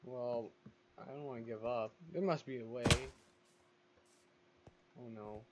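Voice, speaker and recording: Man commentating gameplay, slow unhurried speech, noisy recording, clicks behind. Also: medium pitch, highs cut off. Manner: chatty, talks to the game's mobs, exclaims and laughs.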